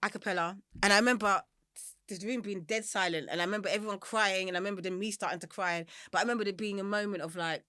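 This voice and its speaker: A middle-aged singer-songwriter from Germany and South London, with a London accent, tells her life story in a candid, rambling interview, animated and quick to laugh. Her mid-range voice is recorded in clean studio sound with no room sound.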